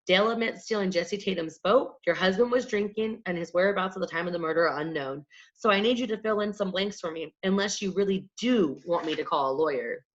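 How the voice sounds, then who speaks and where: A woman reading a measured small-town detective. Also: lowish voice, natural voice. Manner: measured, dry. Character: calm, steady male small-town detective. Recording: dull lo-fi audiobook recording.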